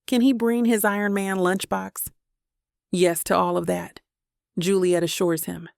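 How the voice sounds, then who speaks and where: Gravelly woman narrating a romance audiobook. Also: mid-range voice, level tone, unhurried, no room sound, clean studio sound.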